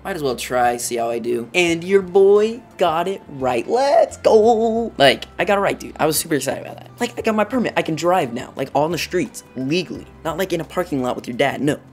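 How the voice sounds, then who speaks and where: A teenage boy vlogging a storytime, rambling and excitable, filling his talk with "like.". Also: on the high side, a little fast, hardly any pauses, faint music behind. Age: teens. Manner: excitable, rambling, heavy use of "like". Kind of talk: storytime vlog.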